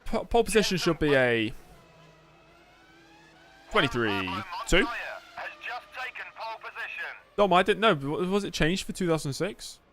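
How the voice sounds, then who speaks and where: A man's voice: on the high side, animated, moderate pace, pauses often, a bit bright. A man streaming live gameplay of a racing game, chatting and joking as he answers messages from his chat.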